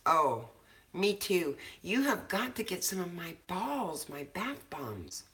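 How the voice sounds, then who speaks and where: Chatty low-voiced woman, bright tone. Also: sing-song, slow, a little hiss or hum. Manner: chatty, swears casually, laughs often. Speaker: co-host of a cannabis show. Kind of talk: casual chat. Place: home kitchen.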